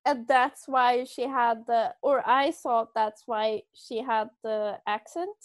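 A woman co-hosts a podcast in a casual, unhurried way. Her voice sits high, and she takes her time over her words as she laughs along. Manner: slow, thoughtful, laughs along. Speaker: podcast co-host.

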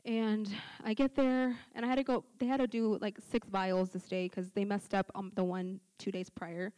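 A woman's voice: medium pitch, warm tone, clear, resonant tone, no echo. A young woman sharing a personal testimony at church, telling it as a story with acted-out dialogue. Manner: storytelling, acts out quoted dialogue. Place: church service. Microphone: handheld mic.

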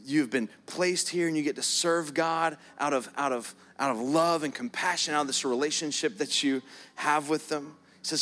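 A mid-range male voice at a moderate pace belongs to a pastor preaching earnestly in a church hall. Soft keys play in the background, and he often repeats words and draws them out for emphasis.

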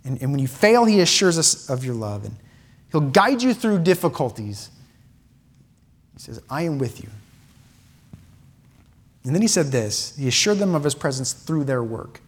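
A man's voice: fairly high pitch, sing-song, normal speed. A man preaching a sermon in a church, impassioned, with repeated phrases and many restarts. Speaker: pastor.

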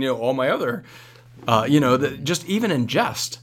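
Storytelling priest on a radio interview. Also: male voice, mid-range voice, brisk. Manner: animated storytelling with many restarts. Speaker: priest and guest.

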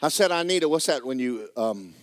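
A man preaching a sermon, swinging from loud exhortation to quiet, joking asides. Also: mid-range voice, animated, fairly quick, dry recording.

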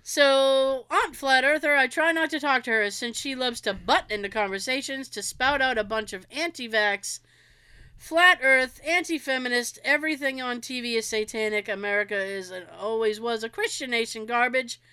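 A woman's voice: on the high side, moderate pace, smooth. A woman co-hosting a casual podcast chat, telling stories animatedly and laughing often. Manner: giggly, animated storytelling with frequent laughs. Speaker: podcast co-host.

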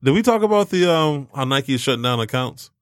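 A man's voice: medium pitch, lively intonation, fairly quick, no echo, clean studio sound. A man hosting a sneaker podcast in laid-back, slangy casual chat. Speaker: podcast host.

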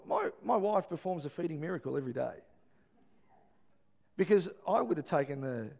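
Animated high-voiced male pastor. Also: creaky. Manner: animated storytelling, acts out voices. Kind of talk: sermon.

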